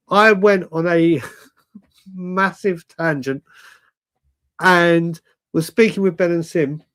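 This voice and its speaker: A man in his forties telling a rambling, animated story in casual chat on a fan show. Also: high-pitched. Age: 40s. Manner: rambling, animated, self-correcting.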